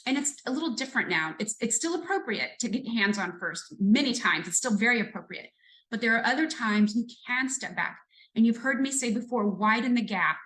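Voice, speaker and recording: A woman in her fifties speaks as a podcast guest and unfolds a story at a measured pace. Her voice sits at an ordinary middle pitch, and she sounds earnest and reflective. She moves from point to point with care. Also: fairly bright tone, low-quality recording. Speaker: retired police lieutenant, guest. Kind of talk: conversational storytelling in a podcast interview.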